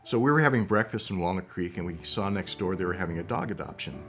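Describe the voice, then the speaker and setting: Man, dog adopter, lively storyteller, lowish voice, faint music behind. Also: fast talker. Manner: lively, acts out quoted voices. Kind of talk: animated storytelling.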